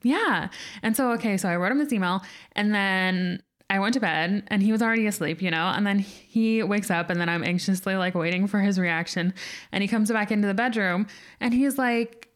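A young adult woman with a mid-range voice talks at normal speed while co-hosting a podcast. She tells a personal story in casual, chatty fashion, packed with "like."

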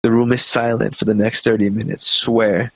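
A man's voice: fairly low pitch, flat delivery, normal speed, vocal fry, fairly bright tone, no echo. A man co-hosting a podcast, reading a story aloud with plenty of swearing and voices for the people in it. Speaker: podcast co-host. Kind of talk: comic storytelling. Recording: dull, dry lo-fi sound.

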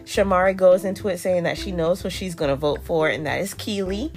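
A woman's voice: on the low side, fairly quick, faint music behind. A woman hosting a podcast, giving a casual, sassy review full of slang and frequent laughter. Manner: animated and sassy, laughs often, uses slang. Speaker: podcast host reviewing a reality show. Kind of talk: casual commentary.

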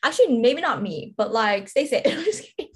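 Teen girl, higher voice, giggly, chatty, lots of fillers; casual panel chat. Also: very animated, brisk. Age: teens.

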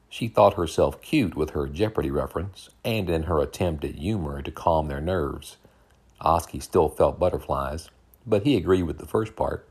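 A man hosting a podcast, reading a novel aloud in calm, steady storytelling narration. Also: very deep voice, normal speed, breathy edge. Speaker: podcast host and reader. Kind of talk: audiobook narration.

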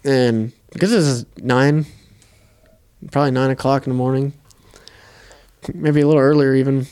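A young man, co-host of a podcast, casually telling a hunting story in a relaxed, profane way. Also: medium pitch, moderate pace, clean tone.

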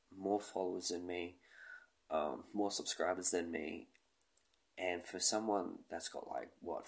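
A man's voice: deep voice, creaky. A man in his late twenties hosting a podcast, rambling casually in a self-deprecating way and swearing often. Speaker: podcast host.

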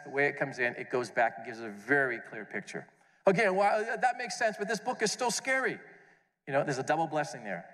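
A man preaching a conference sermon, animated, acting out questions and answers and repeating words as he goes. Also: on the high side. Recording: long hall reverb.

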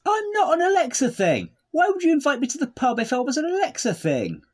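A man's voice: very high voice, wildly swooping pitch, voice pushed up, full character voice. A man reading the part of a bickering pub regular who insists he is not a smart speaker. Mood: indignant. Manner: indignant, quick to pick a fight.

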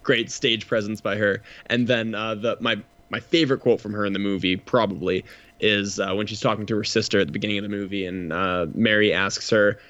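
A man's voice: on the low side, steady tone, brisk, a bit bright. A man co-hosting a movie podcast, talking casually with a wry, joking manner and some swearing. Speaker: podcast co-host. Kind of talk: casual chat. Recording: slightly dull lo-fi mic.

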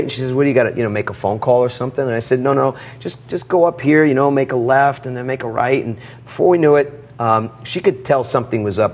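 Animated storytelling man, low voice. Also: slight background noise. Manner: animated storyteller, acts out dialogue. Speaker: guest. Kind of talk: storytelling interview.

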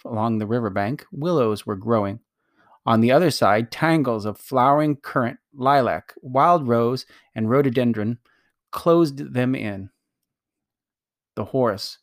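Man calmly reading a storybook. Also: medium pitch, unhurried, dry recording, clean studio sound. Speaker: reader.

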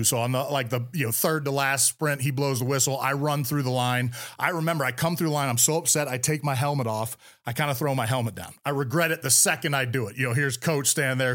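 A middle-aged man from California, a podcast guest and former military officer, telling stories in an energetic interview with frequent restarts. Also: medium pitch. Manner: fast, energetic storytelling with repeated words and restarts. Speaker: podcast guest, former Navy SEAL commander. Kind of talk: storytelling interview talk.

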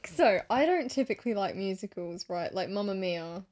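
A chatty woman co-hosts a casual podcast, talking in a gushing, giggly way. Her voice sits at an ordinary middle pitch. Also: lively intonation, normal speed, very noisy. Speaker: podcast co-host. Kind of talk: casual chat.

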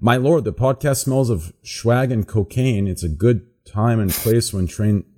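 A man with a low, mellow voice reads listener reviews on a podcast. He talks in a relaxed, rambling way, often repeats words and swears casually. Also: a little slow, hardly any pauses. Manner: laid-back, trails off and repeats words, swears when amused.

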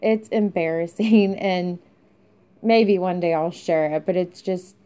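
A woman's voice: lowish voice, slow, mellow, clear, resonant tone. Rambling young woman, dull lo-fi sound. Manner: rambling, candid, trailing off with fillers and laughs. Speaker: podcast host. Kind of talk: casual confessional monologue.

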